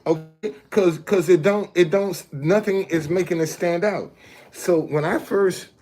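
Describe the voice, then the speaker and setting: Brief: man hosting his own video channel, unhurried and emphatic, higher-pitched speaking voice. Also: a little mellow, soft background music. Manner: repetitive, checks in with viewers often; emphatic, explaining step by step. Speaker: street messenger and video host. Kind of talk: casual talk to viewers.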